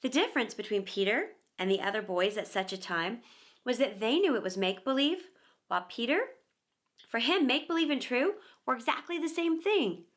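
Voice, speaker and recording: A woman narrating a children's book aloud with expressive, animated storytelling. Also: a little high, fairly quick. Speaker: storyteller, actor and teacher.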